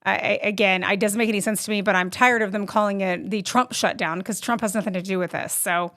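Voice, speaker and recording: A woman's voice: medium pitch, fairly even intonation, fast, a bit bright. A woman co-hosting a political talk show, speaking bluntly and sounding exasperated, with joking asides. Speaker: podcast co-host. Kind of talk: casual political chat.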